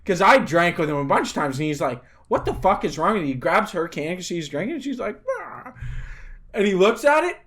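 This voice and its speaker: A young man with a fairly high voice chats on a podcast. He rambles through drinking stories, swears freely, and gets loud and laughing as a tale builds. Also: very animated, quick pace, few pauses. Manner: rambling, profane storytelling that grows loud and laughing. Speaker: podcast co-host. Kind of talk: casual chat.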